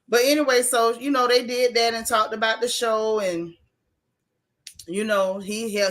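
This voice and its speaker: A woman hosts a casual live stream, chatting bluntly and animatedly as she reacts to viewer messages. Her voice sits fairly high and has a bright, forceful edge. She talks in a relaxed, colloquial way. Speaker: host of a reality TV recap channel.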